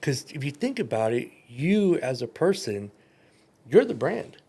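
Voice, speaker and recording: A man's voice: medium pitch, very animated, measured pace, dark tone, slightly rough. A man chatting as a podcast guest and brand coach, telling stories, acting out quoted dialogue and laughing often. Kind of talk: casual chat.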